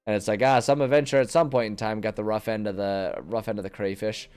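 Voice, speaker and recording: A man's fairly low, darkish voice comes through cleanly on a desk microphone as he streams from home, talking fast with fairly even intonation. In casual chat he thinks aloud and plans a tabletop campaign, rambling and correcting himself.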